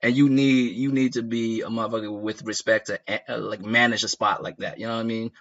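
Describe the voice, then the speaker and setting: A man's voice: on the low side, steady tone, fairly quick, fairly bright tone, muffled recording. A man telling a rambling, profane story in a casual comedic way, often asking the listeners whether they follow. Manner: rambling, profane, laughs at his own story.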